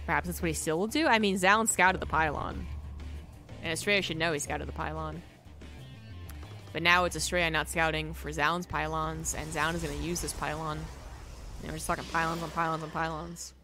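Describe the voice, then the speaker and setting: Casting a strategy game live, this young Canadian esports caster with a General American accent tosses joking, sarcastic asides to his viewers. His fairly even, high-side voice is a little fast, pushed and bright, with faint music behind him.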